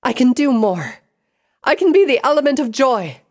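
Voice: high-pitched, big pitch swings, moderate pace, pitched above the performer's own voice. A reader voicing a frantic young female earth pony who shrieks at the top of her lungs, in a storybook reading. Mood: shrieking.

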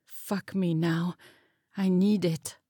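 A woman voicing a bored, emotionless young woman who speaks in thickly accented English, flat and blandly indifferent. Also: fairly low pitch, slow pace.

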